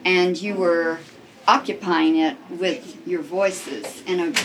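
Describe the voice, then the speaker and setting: A woman's voice: lowish voice, steady tone, slow, a crowd in the background, rough recording. A woman interviewer asking questions with enthusiasm.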